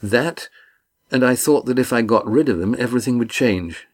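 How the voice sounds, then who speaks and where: A man's voice: mid-range voice, normal speed, a little mellow, voice pushed up, lightly acted. A man reading the part of a scheming young sailor, now beaten, speaking in a pleading, miserable way. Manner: whiny, pleading.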